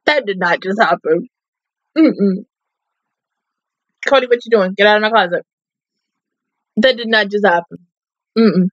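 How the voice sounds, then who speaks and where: A woman's voice: medium pitch, a little slow, long pauses, no room sound, highs cut off. A woman reacting to an anime episode, emotional and swearing in disbelief as she talks it through.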